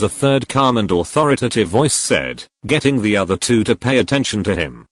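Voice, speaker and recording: Guy reading fanfic out loud, lowish voice, lots of up and down, dry close sound. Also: big pitch swings, normal speed, hardly any pauses, no room sound. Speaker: fanfiction reader. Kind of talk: narrated story reading.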